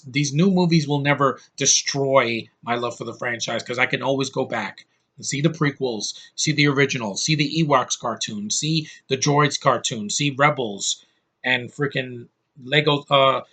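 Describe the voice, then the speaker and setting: A man's voice: mid-range voice, pushed and bright. A man ranting bluntly on a vlog, frustrated and exasperated, swearing often. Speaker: YouTube vlogger. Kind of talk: angry opinion rant.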